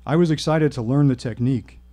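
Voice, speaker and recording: A man telling a personal story at a live reading, with wry, deadpan humor. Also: medium pitch, fairly quick. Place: stage at a live show.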